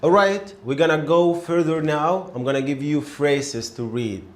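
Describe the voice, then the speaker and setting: A man teaching a beginner language lesson, speaking slowly and patiently, sounding out syllables and repeating words so learners can follow. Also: fairly high pitch, reverberant. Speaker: Arabic teacher.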